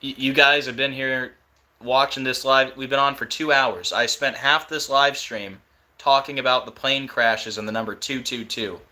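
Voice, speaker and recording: A young man hosting a live stream, talking casually and excitedly in disbelief. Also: medium pitch, moderate pace.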